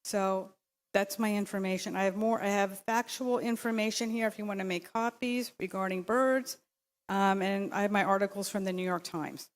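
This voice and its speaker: A woman's voice: mid-range voice, normal speed. Insistent woman at a council podium. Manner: insistent, rambling, with many fillers and restarts. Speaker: public commenter at a city council meeting. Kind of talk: public comment at a council meeting. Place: council meeting chamber. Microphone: podium microphone.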